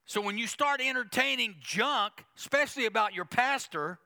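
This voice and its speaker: Male pastor, sermon delivery, gravelly edge, emphatic and repetitive. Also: very high voice, expressive, moderate pace, pushed and bright. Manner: emphatic preaching with quoted asides and repetition.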